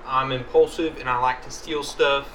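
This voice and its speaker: A man's voice: mid-range voice, fairly even intonation, moderate pace, roomy sound, very noisy. A man, a player in a tabletop game, introducing his character sheepishly.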